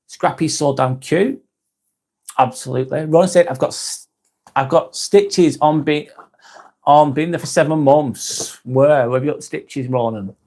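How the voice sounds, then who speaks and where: A man from northwest England with a fairly high, darkish-toned voice hosts a casual live stream. He reads viewer comments out loud and answers them in a friendly way.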